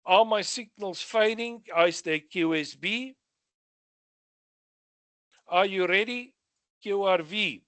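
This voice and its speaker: Slow-speaking South African male instructor. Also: high-pitched, fairly bright tone, no echo. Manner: reads questions then gives answers with asides. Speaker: radio exam instructor. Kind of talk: exam revision lesson.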